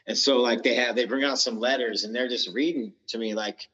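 A man's voice: medium pitch, brisk, hardly any pauses, bright, forceful tone, breathy edge. Man, candid storytelling, slangy and blunt, long reverb, dull lo-fi sound. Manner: slangy, blunt, swears freely. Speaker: podcast guest in recovery.

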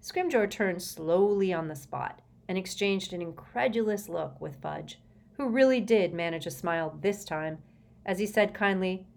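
A woman reading a novel aloud as an audiobook narrator, with expressive storytelling. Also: on the low side, measured pace, vocal fry. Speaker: audiobook reader.

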